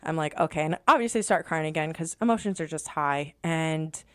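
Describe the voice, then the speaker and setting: A woman's voice: low voice, brisk, clear, resonant tone, no echo, studio quality. A young adult woman, a podcast guest, telling her personal story with emotion and acting out remembered dialogue. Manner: animated, acts out remembered dialogue. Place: studio.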